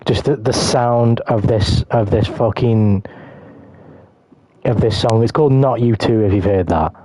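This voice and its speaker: A man's voice: on the low side, measured pace, mellow, dry recording. A British man chatting casually while streaming a fighting game, rambling and swearing as he jokes with his chat. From Britain. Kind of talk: casual gaming stream commentary.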